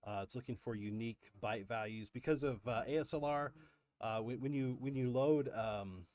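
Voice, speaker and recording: At a moderate pace, this man explains a live coding session step by step in a slightly mellow mid-range voice, recorded without echo. He hosts the stream and often uses fillers and restarts.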